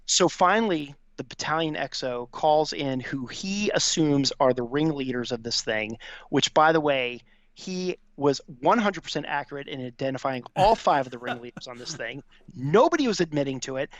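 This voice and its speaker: A man's voice: a little high, lively intonation, moderate pace, fairly bright tone, no room sound. A man in his fifties, a podcast guest and veteran, telling a casual, profane anecdote and acting out the people he quotes. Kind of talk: casual storytelling. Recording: dry, slightly dull audio.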